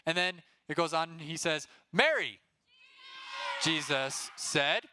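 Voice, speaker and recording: A young man teaching a Bible lesson to students, casual and energetic, who keeps checking in with "right?". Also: on the high side, measured pace, slight background noise. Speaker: youth pastor.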